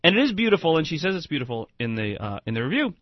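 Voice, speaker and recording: A man co-hosting a casual radio talk show about restaurants, chatty and animated, with many restarts. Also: a little high, racing, no echo, lo-fi sound.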